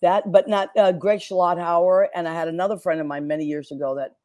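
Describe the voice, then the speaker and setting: A woman's voice: lowish voice, fairly even intonation, a little fast, a little mellow, dry recording, lo-fi sound. A woman hosting a talk show, chatting in an effusive, rambling way. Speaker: show host. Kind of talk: casual chat.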